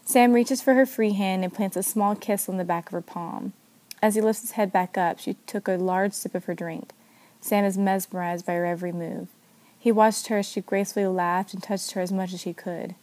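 A woman narrating a story aloud in a steady, even manner. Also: medium pitch, moderate pace. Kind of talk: story reading.

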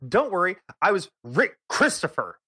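A man's voice: sits high, big pitch swings, moderate pace, bright, forceful tone, slightly rough. A man hosting a gaming podcast, chatting casually and joking with his co-hosts. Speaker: podcast host. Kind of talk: casual chat.

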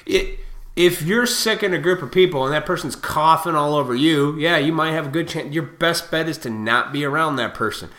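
A man in his thirties delivering a profane, heated rant to camera, swinging between loud outbursts and quieter reflective stretches. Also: fairly high pitch, a little fast. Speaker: vlogger. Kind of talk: profane ranting monologue. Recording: echoey room.

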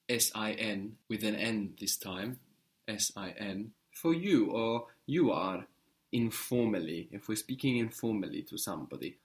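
A man teaching a language lesson, patiently modeling words and encouraging the learner. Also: medium pitch.

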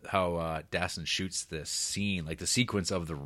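A man's voice: low voice, fairly even intonation, moderate pace, a bit bright, no echo. A man co-hosting a casual film podcast, talking loosely with lots of fillers and swearing. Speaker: podcast co-host.

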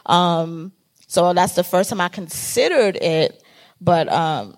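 A woman's voice: lowish voice, lively intonation, slow, a little mellow. A woman podcast host talking candidly and emphatically in a casual panel discussion, swearing freely.

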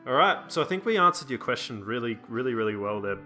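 This podcast co-host offers casual, jokey, playful advice to listeners. His mid-range voice swings widely in pitch and moves at a quick pace, with music playing in the background.

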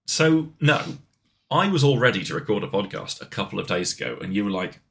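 A man's voice: on the low side, very animated, brisk, vocal fry, fairly bright tone. A man co-hosting a podcast, bantering playfully and slipping into silly voices and bits. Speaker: podcast co-host. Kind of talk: casual banter.

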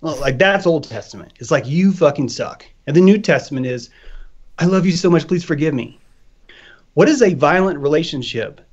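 A man in casual podcast talk, animated and profane, who slips into voices to make his points. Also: mid-range voice. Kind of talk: casual chat. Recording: dull lo-fi sound.

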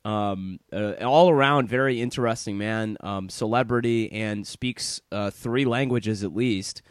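A man's voice: lowish voice, unhurried, clean tone, no room sound, studio quality. A man hosting a podcast, chatting casually and laughing often as he introduces his guest. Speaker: podcast host. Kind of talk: casual interview chat.

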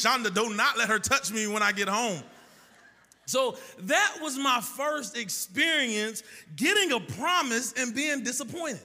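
High, bright-voiced preacher in a hall. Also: male voice. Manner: sing-song preaching cadence; storytelling with acted-out dialogue. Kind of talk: sermon. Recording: long reverb of a large hall.

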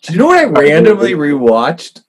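Man, slightly high, husky, rambling podcast talk. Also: huge pitch swings, normal speed. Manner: rambling, laughing, loose. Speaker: podcast co-host. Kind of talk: casual comedic chat.

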